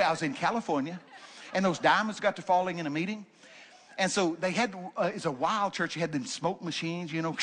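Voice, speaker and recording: Folksy preacher man, lively. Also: high voice, a little hiss or hum. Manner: folksy, joking, loud bursts with laughter. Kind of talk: animated pulpit storytelling. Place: church sanctuary.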